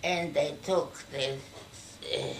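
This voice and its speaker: Very slow, gravelly older woman. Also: low voice. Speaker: interviewee recounting wartime memories. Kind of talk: oral history interview. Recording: distant mic, faint background noise.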